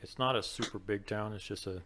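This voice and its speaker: A man running a tabletop game over an online voice call, speaking in a low-key, quiet way. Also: fairly quick, slight background noise. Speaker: game master.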